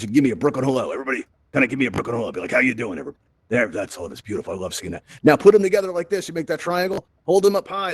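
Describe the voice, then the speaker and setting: Fast-talking upbeat man hosting a lesson. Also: mid-range voice, darkish tone, husky. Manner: upbeat, encouraging, playful asides. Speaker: VR event host and instructor. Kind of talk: live instructional walkthrough. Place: virtual reality event space.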